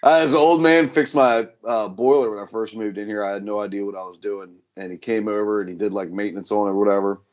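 A man's voice: lowish voice, fast, hardly any pauses, a little mellow, lo-fi sound. A man co-hosting a podcast, chatting casually and telling a short anecdote in a laid-back way. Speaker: podcast co-host. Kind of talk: casual chat.

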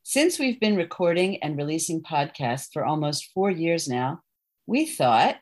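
A woman psychologist co-hosts a podcast in a low, measured voice. Her scripted intro sounds earnest. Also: big pitch swings, a little mellow.

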